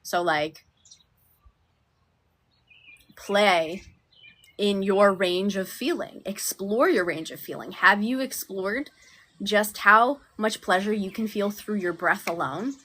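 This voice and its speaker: Outdoors, a woman coaches viewers on manifestation during a live stream, speaking softly and affectionately and often dropping to near-whispers. Her voice is medium-pitched and her pace slow.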